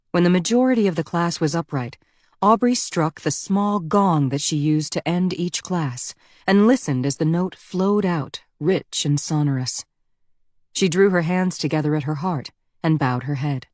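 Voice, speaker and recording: A woman narrating a thriller audiobook in a measured, even storytelling delivery on a close mic. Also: sits low, dry recording.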